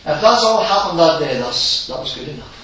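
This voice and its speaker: A man preaching a sermon in a church, telling the story with animated acted-out voices. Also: fairly high pitch, brisk. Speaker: visiting preacher. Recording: roomy echo, distant mic, faint hiss.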